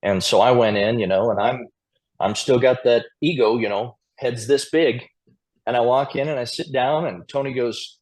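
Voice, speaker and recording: A man's voice: medium pitch, moderate pace, darkish tone. A man from Montana, a square dance caller, telling chatty anecdotes as a podcast guest and chuckling now and then. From Montana, USA. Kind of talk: casual storytelling interview.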